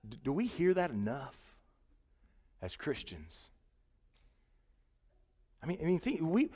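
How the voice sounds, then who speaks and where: A man with a fairly high voice delivers a sermon in an earnest, conversational way. He swings between loud emphasis and quiet asides, and the church hall gives his voice a long reverb. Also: wildly swooping pitch, slow, pauses often. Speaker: preacher. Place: church sanctuary.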